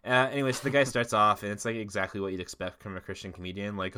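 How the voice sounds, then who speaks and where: A man's voice: on the low side, rapid-fire, bright, forceful tone, smooth. A man co-hosting a podcast, telling a long story in casual chat, full of fillers and laughs. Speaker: podcast co-host.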